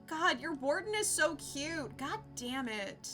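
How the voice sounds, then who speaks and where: Young woman streamer, casual chatter, fairly high bright voice, soft game music behind. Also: sing-song, unhurried, hardly any pauses. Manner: chatty, laughs often, talks to chat. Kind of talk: casual live-stream chat.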